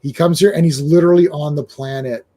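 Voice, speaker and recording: A man hosting a casual comic book chat, animated and often acting out dialogue. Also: a little high, fast talker. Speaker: podcast host.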